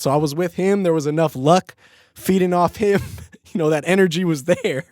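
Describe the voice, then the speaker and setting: A man's voice: fairly high pitch, lively intonation, normal speed, dry recording, clean studio sound. A young man hosting a podcast, telling a story in a laid-back way, laughing often and swearing freely. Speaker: podcast host. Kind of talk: casual storytelling.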